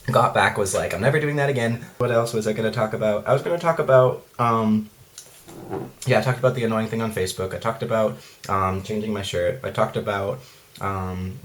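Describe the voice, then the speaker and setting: A young man chatting casually while eating on camera, rambling and self-mocking, full of fillers and acted-out quotes. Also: lowish voice. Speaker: vlogger. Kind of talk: casual mukbang chat. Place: his room at night.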